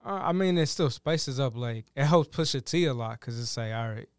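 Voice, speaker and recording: Brief: relaxed male co-host, smooth clear voice, dry sound. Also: medium pitch, normal speed, dry recording. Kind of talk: casual podcast chat.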